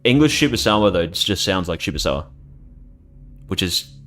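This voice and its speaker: A man's voice: sits low, sing-song, moderate pace, fairly bright tone, faint music behind. A man giving casual gameplay commentary as a streamer, chatting in a rambling, casually profane way.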